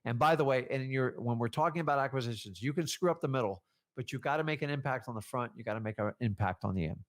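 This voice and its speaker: Guy coaching real estate deals, lively, acts out what sellers say. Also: mid-range voice, fast talker. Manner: animated, acts out seller conversations. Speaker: real estate wholesaling trainer. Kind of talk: casual coaching talk.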